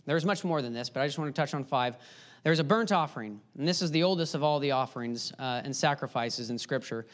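A man's voice: mid-range voice, fast. A man preaching a sermon, explaining his points earnestly and pressing harder on the key ones. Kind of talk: sermon teaching.

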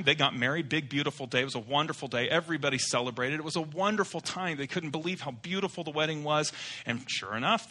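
A middle-aged man preaching from the pulpit, a loose and rambling storyteller. His voice is very bright and sits a little high for a man. He drifts easily from a joke into scripture. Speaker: pastor. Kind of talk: sermon with a told joke.

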